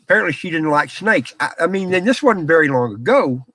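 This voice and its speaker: A man's voice: a little high, animated, fairly quick, a bit bright, no room sound. A middle-aged man hosting a casual live stream from a small office, chatting with viewers and telling stories, often laughing. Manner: folksy storyteller, laughs often.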